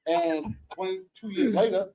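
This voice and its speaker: A man's voice: sits high, a little slow, a crowd in the background. A man telling stories with boasts and laughter in casual chat at a coffee shop.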